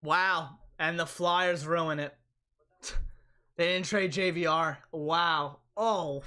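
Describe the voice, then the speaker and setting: Bright-voiced young man streaming hockey talk. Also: fairly high pitch, fairly even intonation, slow. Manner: rambling, repeats himself, reads chat aloud. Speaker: live stream host. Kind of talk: casual live commentary.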